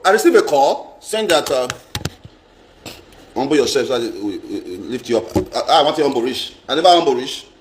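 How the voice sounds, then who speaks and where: A Nigerian man with a fairly high voice rants casually on a live stream, emphatically repeating phrases and mixing in pidgin. The recording has a roomy echo and slight background noise.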